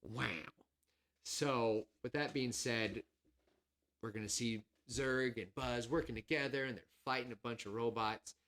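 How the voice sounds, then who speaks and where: A man with a drawl co-hosts a casual podcast. He rambles, gets excitable and acts out scenes as he talks. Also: mid-range voice, a little slow. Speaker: podcast co-host. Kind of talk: casual chat.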